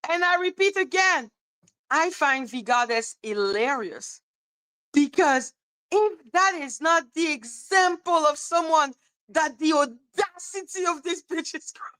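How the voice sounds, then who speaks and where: High-voiced woman ranting to her stream chat, slow and deliberate, dry sound. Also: no room sound, low-quality recording. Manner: animated, repetitive, ranting with laughter. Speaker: livestream host. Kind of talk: casual livestream chat.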